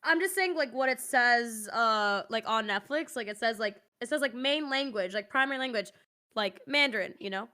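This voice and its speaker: Bright-voiced woman chatting on stream. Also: a little high, animated, normal speed. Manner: rambling, many "like" fillers, laughs easily. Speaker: streamer co-host. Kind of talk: casual livestream chat.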